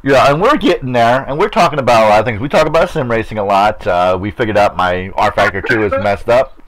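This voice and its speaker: A man's voice: lowish voice, fast, crowd noise, rough recording. A middle-aged man hosting a racing chat show, rambling and repeating himself in casual talk.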